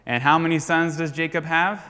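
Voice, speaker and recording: An American man leads a church class in a quiz-style review, pausing mid-sentence so the group can call out the answer. His voice sits a bit high and sounds bright and forceful. A long hall reverb trails behind each phrase. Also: steady tone. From United States. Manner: quizzing, leaves sentences hanging for the class to finish. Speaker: Sunday school teacher. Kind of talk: question-and-answer Bible review.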